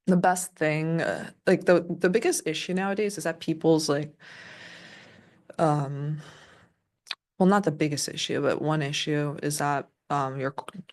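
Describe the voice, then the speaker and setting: A young woman casually chatting as a co-host of a live trading stream, rambling with lots of fillers and restarts. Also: low-pitched. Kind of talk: casual livestream chat.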